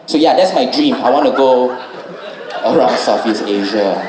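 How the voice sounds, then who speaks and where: A man's voice: medium pitch, lively intonation, normal speed, roomy sound, recorded from a distance, a crowd in the background, lightly acted, low-quality recording. A man voicing a cheerful, chatty Vietnamese bike-taxi rider with sunny, eager exclamations.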